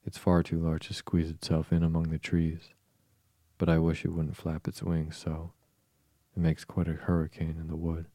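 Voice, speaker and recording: A man with a very deep voice, reading the lines of a gentle, polite young girl in a bedtime storybook. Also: completely flat delivery, moderate pace, no room sound, clean studio sound.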